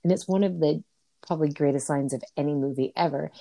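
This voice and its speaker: A woman's voice: sits low, quick pace, creaky, warm tone, dry recording. A woman chatting casually and enthusiastically about a favorite film. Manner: enthusiastic, giggly. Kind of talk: casual movie discussion.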